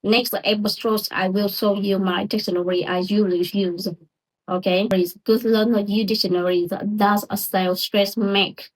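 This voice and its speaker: A young woman who is not a native English speaker talks through a casual lesson at a very slow, careful pace. She repeats each word several times and keeps checking in with the listener. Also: medium pitch, flat delivery, poor audio. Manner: slow and careful, repeats words and says "okay?" often. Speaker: English learner teaching word stress.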